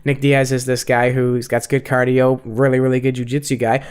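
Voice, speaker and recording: A man's voice: medium pitch, little pitch movement, moderate pace, a little mellow, smooth. A young man co-hosting a podcast, chatting casually and profanely about fights with lots of fillers. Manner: rambling, profane fight breakdown with many fillers. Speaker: podcast co-host. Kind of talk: casual chat.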